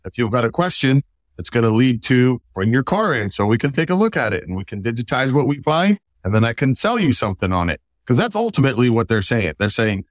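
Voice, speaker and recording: A man's voice: mid-range voice, big pitch swings, a little fast, dry recording. A middle-aged man who owns an auto shop, talking earnestly and emotionally as an interview guest, his voice lifting when he quotes other people. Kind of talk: casual interview conversation.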